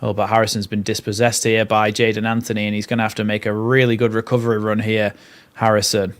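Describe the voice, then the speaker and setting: A man's voice: on the low side, little pitch movement, fast, smooth. A young man hosting a live watchalong, mixing play-by-play with chatty, rambling asides. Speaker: fan channel host.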